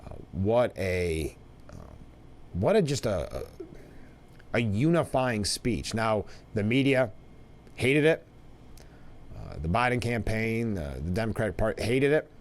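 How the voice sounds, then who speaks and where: Man hosting a talk show, low voice. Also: sing-song, measured pace, long pauses. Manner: conversational, frequent restarts and asides. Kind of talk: casual political commentary. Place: broadcast studio.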